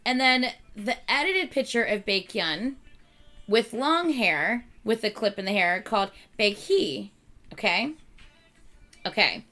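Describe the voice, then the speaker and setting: A woman hosting her channel, chatting casually with viewers in an animated, exasperated rant. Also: mid-range voice, slow pace, soft background music. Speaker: channel host.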